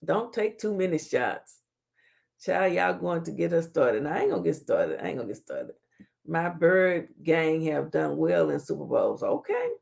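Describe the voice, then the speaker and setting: Gravelly woman hosting a live chat. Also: deep voice, expressive, normal speed, darkish tone. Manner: playful trash-talking, laughing, Southern slang like "child" and "honey". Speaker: talk show host. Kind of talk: casual live-stream chat reading comments.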